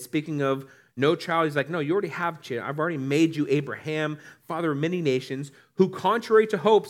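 A young man preaching a casual, conversational sermon, reading scripture and acting out the people in it. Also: a little high. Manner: conversational, animated, acts out quotes. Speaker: pastor.

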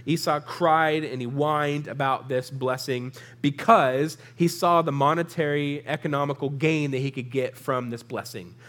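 A man's voice: a little high, steady tone, a little slow, hardly any pauses, fairly bright tone. A man preaching a sermon, reading scripture aloud and explaining it in a loose, conversational way, with a stuffy, sniffling nose. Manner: casual, conversational Bible teaching with asides to the audience.

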